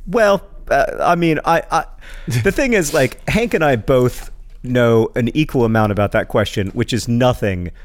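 A man, a father of a small child, co-hosting a casual comedy podcast with dry jokes and halting restarts. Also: medium pitch, animated. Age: adult with a young child. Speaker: podcast co-host.

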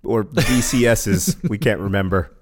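A man's voice: fairly low pitch, a little slow. Rambling, hesitant male podcast co-host. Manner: rambling, self-deprecating, hesitant with many fillers. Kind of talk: casual podcast chat.

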